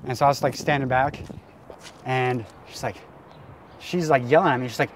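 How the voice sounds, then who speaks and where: A man, a guest storyteller, excitedly recounting events on a residential street, peppering his talk with "like" and "right". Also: mid-range voice, moderate pace, long pauses. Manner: excited, restless, with many likes and rights. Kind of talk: animated storytelling on location. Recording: outdoor street noise.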